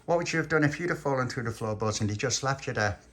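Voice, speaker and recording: A man voicing a fond but scolding mother who talks briskly. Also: medium pitch, animated, fairly bright tone, voice pushed up, natural voice. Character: bossy, fond working-class mum.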